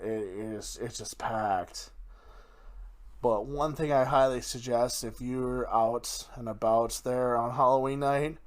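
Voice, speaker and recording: A man hosting his own podcast in a casual, rambling solo talk, correcting his own slips and laughing at himself. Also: medium pitch. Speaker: podcast host.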